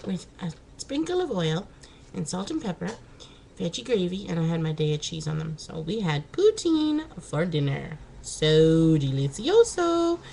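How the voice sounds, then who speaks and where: Lively chatty woman vlogging at home. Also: on the low side, unhurried, creaky, slight background noise, rough recording. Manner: chatty, laughing, exclaiming. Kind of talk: casual chat.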